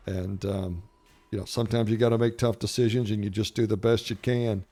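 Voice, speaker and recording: A man's voice: lowish voice, steady tone, brisk, warm tone. A middle-aged man hosting a gaming channel, telling rambling, profane, jokey stories over gameplay commentary. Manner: profane, brash, jokey storytelling.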